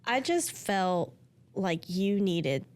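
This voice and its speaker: A woman guest speaking gently and supportively in a casual, heartfelt conversation. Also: mid-range voice, very animated, extremely slow, dry recording. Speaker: guest, best friend.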